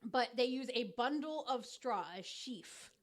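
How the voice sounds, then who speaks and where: A woman co-hosting a casual podcast chat, explaining things at length with many pauses and fillers. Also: a little high, expressive. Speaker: podcast co-host.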